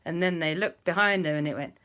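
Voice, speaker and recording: A woman narrating a children's story, animated and acting out sound effects. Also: on the low side, a little fast.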